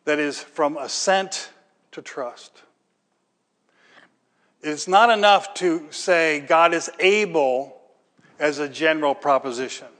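A man's voice: on the high side, takes it slowly, pauses often, a bit bright, in a large hall. A man preaching a sermon as pastor, talking conversationally with rhetorical questions and building to emphatic peaks.

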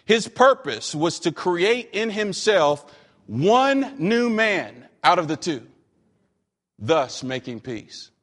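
A man from Western North Carolina preaching a sermon as pastor, emphatic, slowing down for scripture and dropping in joking asides. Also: high-pitched, very animated, a bit bright. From Western North Carolina, USA. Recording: long hall reverb.

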